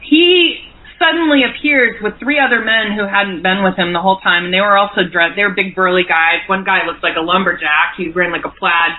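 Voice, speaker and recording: A woman's voice: mid-range voice, a little fast, few pauses. A woman from the United States, a guest telling a long story with many fillers in a phone interview. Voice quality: chatty, full of fillers. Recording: noisy phone line.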